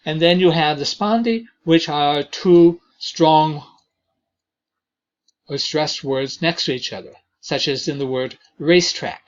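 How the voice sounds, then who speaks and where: A man teaching an introductory lesson on poetry, talking slowly with frequent fillers and reading verses aloud. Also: a little high, dull audio. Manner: slow, deliberate delivery with many fillers and reading aloud of verses. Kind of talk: lecture on poetry.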